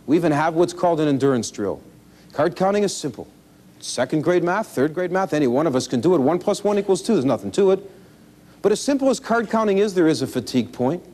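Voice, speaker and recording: A man teaching card counting in an instructional video, talking in a folksy, animated way with self-deprecating humor. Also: high-pitched. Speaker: blackjack instructor. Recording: 1980s VHS instructional tape.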